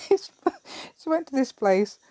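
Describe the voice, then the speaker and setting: A woman's voice: high voice, mellow. Chatty English woman, middle-aged. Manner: rambling, chatty, laughs often. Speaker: craft vlogger. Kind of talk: casual chat while crafting.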